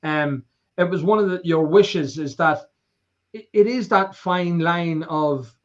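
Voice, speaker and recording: A man's voice: fairly high pitch, slow, lo-fi sound. A man with an Irish accent hosting a charity auction livestream, joking and teasing his guest while reading out viewer comments. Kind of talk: casual livestream banter.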